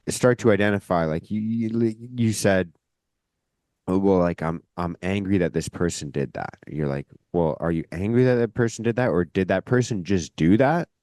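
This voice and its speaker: A deep-voiced man hosts a relaxed podcast, wandering through his thoughts with plenty of filler words. He talks with a loud, forceful edge that can come off as yelling. The sound is dry and close. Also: dry recording. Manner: rambling, heavy on filler words. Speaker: podcast host. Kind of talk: casual podcast conversation.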